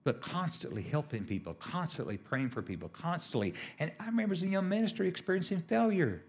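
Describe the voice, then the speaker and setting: A man's voice: fairly high pitch, lively intonation, a little fast. A middle-aged man preaching a sermon as a healing minister, emphatic and repetitive, with sudden rises on key phrases.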